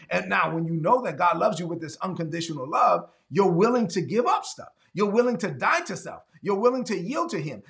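A man preaching a sermon, emphatic, repeating key lines slowly and acting out quick little dialogues. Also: high-pitched, gravelly, fairly bright tone. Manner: acts out quick back-and-forth dialogues.

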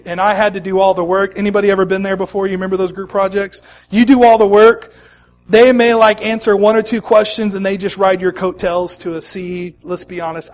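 High-voiced preaching man. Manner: swings from hushed to loud and emphatic. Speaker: pastor. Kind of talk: sermon.

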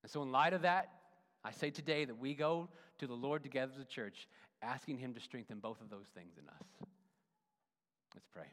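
A male pastor preaching a sermon, swinging from loud emphatic runs to hushed, soft endings. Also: medium pitch, fairly quick. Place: church sanctuary. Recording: long reverb of a church hall.

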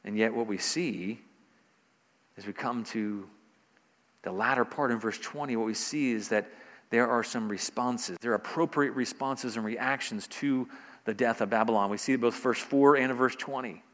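A man's voice: medium pitch, normal speed, a bit bright. Man preaching in an echoing hall. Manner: preaching with rising emphasis, repeating key phrases. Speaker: pastor. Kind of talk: sermon.

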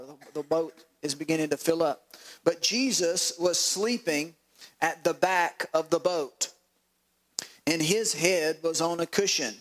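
A man preaches a sermon in a high-pitched voice. He keeps throwing questions out to his congregation and lets his delivery swell into pleading, emotional cries. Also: measured pace, a bit bright. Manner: preaching with rising, pleading outbursts and call-and-response questions. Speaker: pastor.

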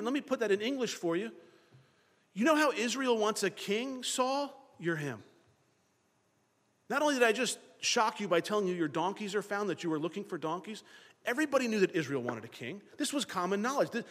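A man preaching a sermon in an animated way, acting out the thoughts of the people in his story. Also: sits high, long reverb tail. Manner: animated, acts out characters' thoughts in dialogue.

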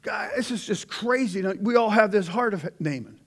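A man preaching a conversational sermon, swinging between loud outbursts and hushed asides. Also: sits high, expressive, moderate pace. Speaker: pastor.

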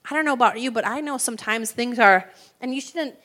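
Bright-voiced woman preaching emphatically. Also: fairly high pitch, brisk. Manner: emphatic, preacherly, asks for agreement. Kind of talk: sermon.

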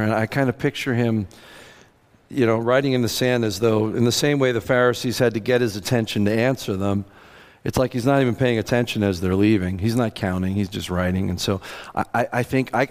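A man's voice: mid-range voice, long reverb tail. A middle-aged man preaching a sermon as pastor, speaking conversationally and acting out the voices in the story. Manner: conversational, animated quotes of biblical voices. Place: church sanctuary.

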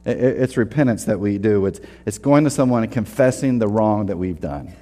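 A man's voice: fairly low pitch, fairly quick, dark tone, long reverb tail. A man preaching a sermon in a casual, earnest way, often restarting his sentences and acting out quotes. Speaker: pastor. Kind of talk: conversational sermon.

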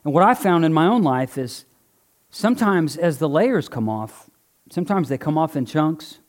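Guy preaching a sermon at church, earnest but chatty, voice a bit on the high side. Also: lively intonation, normal speed. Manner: conversational, earnest, joking with congregation. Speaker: pastor. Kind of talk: sermon with live object lesson. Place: church before a congregation.

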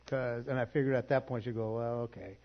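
A middle-aged man preaching to his congregation, telling a story with animated quoted voices before moving into prayer and announcements. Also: mid-range voice, fairly quick, highs cut off. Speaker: pastor. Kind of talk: sermon. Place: church.

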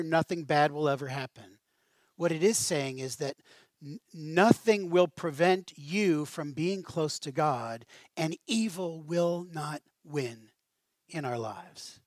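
A man preaching a sermon in a conversational way. He speaks with animation and casual asides, in a fairly high voice. The sound is dry and close. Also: unhurried, no echo. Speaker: pastor.

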